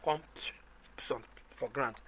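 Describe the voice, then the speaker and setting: A young man co-hosting a casual podcast in Nigerian Pidgin English, teasing and skeptical in quick banter. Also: mid-range voice, fairly bright tone, slight background noise. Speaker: podcast co-host. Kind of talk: casual chat.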